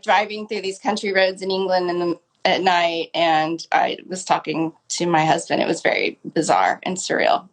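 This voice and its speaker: A woman in her forties, a novelist guest on a live video call, earnestly recounting a story with frequent "like" fillers. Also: on the low side. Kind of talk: conversational storytelling. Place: home, video call on social live stream. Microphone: video call mic.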